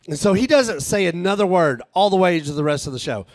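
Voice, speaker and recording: A man, telling a profane, animated stand-up story at a live show. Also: sits high, fairly quick, dry recording. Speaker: stand-up comedian. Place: live show with a small audience.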